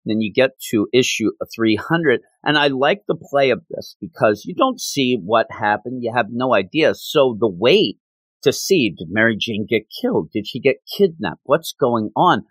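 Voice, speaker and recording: A man casually recapping a comic book story, explaining it in an animated way and slipping into the characters' lines. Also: medium pitch, moderate pace, no echo. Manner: animated, acts out quoted lines.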